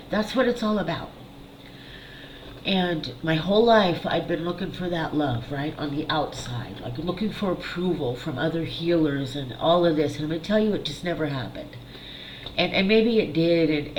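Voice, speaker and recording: A middle-aged woman, a psychic healer, talking candidly and haltingly to camera in a personal video, repeating words and swearing. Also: deep voice, lively intonation, echoey room, a little hiss or hum, low-quality recording. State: tearful at times. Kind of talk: emotional personal video monologue.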